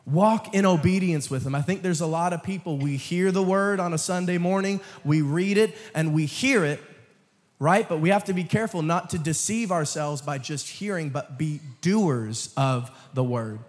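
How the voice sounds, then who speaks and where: Young male preacher, joking and then forceful, somewhat high voice, recorded with long hall reverb. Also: moderate pace. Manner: swings from low, quiet asides to loud, emphatic calls; jokes with the congregation and laughs. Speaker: guest preacher. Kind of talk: sermon. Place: church sanctuary.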